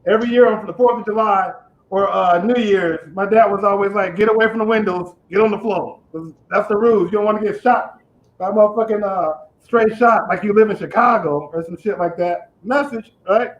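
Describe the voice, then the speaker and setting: High-voiced man with a lisp hosting comedy. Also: brisk, dull audio, a little hiss or hum. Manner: profane, laughing at own jokes. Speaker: comedy show host. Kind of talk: stand-up comedy set. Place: house in Detroit.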